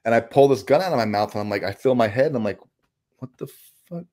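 A man telling a raw personal story as an interview guest, halting, with frequent restarts, repeated words and blunt swearing. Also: mid-range voice, darkish tone. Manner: blunt and profane; raw, intense retelling.

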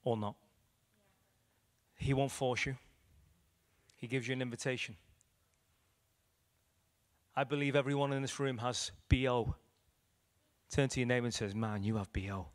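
Unhurried and pausing often, a man speaks in a mid-range voice with fairly even intonation. He's a Liverpool evangelist in a church meeting room with an audience, preaching a storytelling sermon and animatedly acting out the dialogue.

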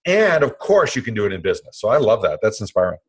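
A man's voice: on the low side, very animated, fast, breathy edge. A man co-hosting a podcast, talking enthusiastically and rambling, laughing often. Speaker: podcast co-host. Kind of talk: casual podcast conversation.

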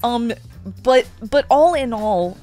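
A woman's voice: fairly high pitch, animated, takes it slowly, warm tone, faint music behind. A woman co-hosting a game playthrough, chatting casually with a hesitant, sentimental way of repeating her words. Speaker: co-host of a gaming channel. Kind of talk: casual let's play chat.

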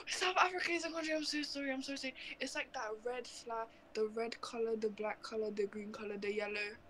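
A woman from the UK chatting casually with a stranger on a video call, soft-spoken and asking quick questions. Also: a little high, a little hiss or hum. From United Kingdom. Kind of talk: casual chat.

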